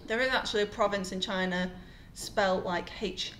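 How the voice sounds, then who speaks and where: British woman, podcast co-host, animated storyteller, everyday mid voice, light noise floor. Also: mid-range voice, moderate pace. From Britain. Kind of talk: casual chat.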